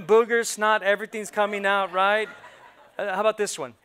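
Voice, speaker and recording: Bright-voiced, animated preacher man. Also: high voice, fast talker, clean tone. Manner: animated, playful, acts out congregation reactions. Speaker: pastor. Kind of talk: sermon. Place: church sanctuary.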